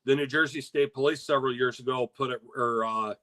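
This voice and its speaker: A man's voice: medium pitch, steady tone, brisk, over a noisy crowd. An older man co-hosting a casual talk stream, easygoing, with fillers and frequent laughs. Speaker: co-host. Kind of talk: casual chat.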